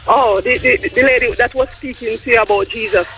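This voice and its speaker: A woman with a Jamaican accent calling into a radio show, talking haltingly and repeating her words as she rambles. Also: fairly high pitch, a bit bright, soft background music. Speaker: caller. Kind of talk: phone-in call. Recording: tinny phone line.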